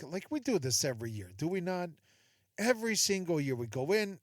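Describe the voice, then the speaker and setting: A chatty, joking man hosts a solo podcast and talks right to his listeners. His voice sits a bit high. The sound is dry and close. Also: big pitch swings, normal speed, dry recording. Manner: chatty, jokey, talks straight to listeners with asides. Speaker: podcast host. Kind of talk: solo casual podcast monologue.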